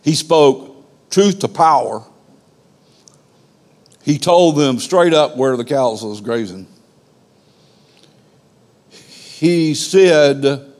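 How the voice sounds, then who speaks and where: Slow, emphatic preacher in a reverberant hall. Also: male voice, a little high, expressive, darkish tone. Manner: emphatic, repetitive preaching cadence. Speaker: pastor. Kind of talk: sermon. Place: church sanctuary.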